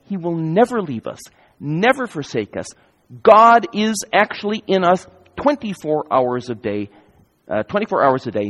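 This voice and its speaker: A man preaching a sermon in an emphatic, varied delivery with deliberate pauses, in a church sanctuary. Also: a little high, fairly bright tone. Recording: hall reverb.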